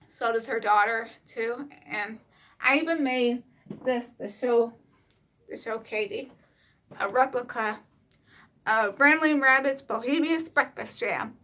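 Woman vlogger, somewhat high pitch, excited casual chat, mild retainer slur. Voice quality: slightly slurred speech from wearing retainers. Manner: chatty and excited.

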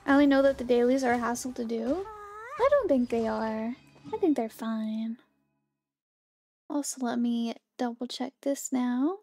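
High-pitched bubbly woman streamer, slightly hoarse. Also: moderate pace, warm tone. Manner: bubbly, greets viewers by name. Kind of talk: casual livestream chat.

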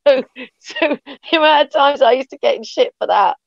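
A higher-pitched English woman chatting as a guest, blunt and loud with her swearing. The audio is dull and lo-fi, with a very dry sound. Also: moderate pace, gravelly, dry recording. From England. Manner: blunt, heavy swearing, animated storytelling. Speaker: wrestling guest. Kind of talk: casual interview chat.

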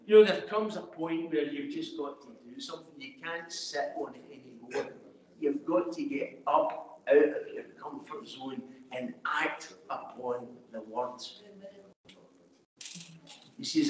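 A man's voice: a little high, a little slow. A man preaching a sermon in a conversational way, quoting scripture with emphasis. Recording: very echoey hall, faint noise.

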